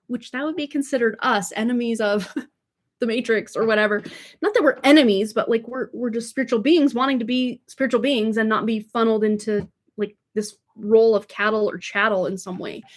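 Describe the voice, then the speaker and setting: Casual livestream tarot reader, woman, higher-pitched, rambling and chatty. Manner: chatty and rambling, stumbles over words with small laughs. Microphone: livestream mic.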